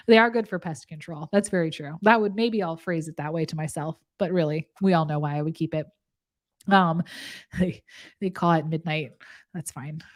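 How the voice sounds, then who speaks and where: A woman's voice: low voice, moderate pace, pauses often. Giggly, chatty woman nurse practitioner. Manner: chatty and giggly, laughs often mid-sentence. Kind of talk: casual live chat with viewers.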